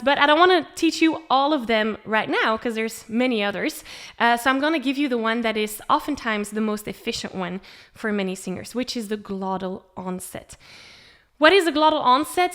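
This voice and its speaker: A woman's voice: on the high side, a bit bright. A woman teaching a spoken singing lesson, friendly and encouraging, laughing now and then. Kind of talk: spoken vocal lesson with sung demonstrations.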